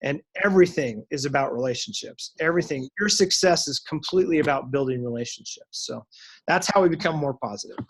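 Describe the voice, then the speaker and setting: This salon owner, here as a guest speaker, has a husky, fairly high voice that moves quickly and expressively. On a relaxed recorded call, he tells cheerful stories meant to motivate.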